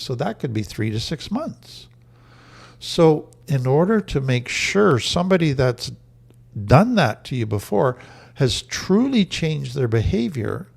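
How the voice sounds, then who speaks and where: A man with a gravelly, fry-edged voice at a middle pitch talks through a lesson on healing. He is earnest and emphatic and comes back to the same key phrases to drive them home. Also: darkish tone. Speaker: trauma recovery teacher. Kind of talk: teaching talk to camera.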